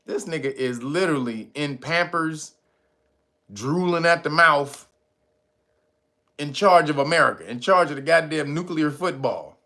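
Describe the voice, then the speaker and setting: A man's voice: a little high, expressive, moderate pace, hardly any pauses, a bit bright. A man hosting a commentary show, talking about the news in a loose, slangy, joking way and often breaking into laughter. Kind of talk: casual profane news commentary.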